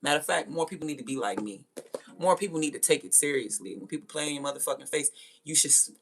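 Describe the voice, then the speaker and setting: A woman's voice: low voice, expressive, quick pace, vocal fry, noisy background. A young woman hosting a livestream, ranting bluntly and confrontationally with lots of profanity. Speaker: livestream host. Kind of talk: casual livestream rant.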